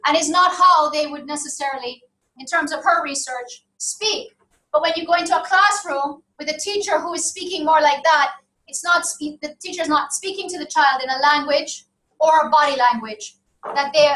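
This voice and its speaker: A woman with a high, slightly bright voice lectures a university class in loose, self-correcting sentences, checking in with "okay?". The audio is roomy, captured from a distance in the classroom.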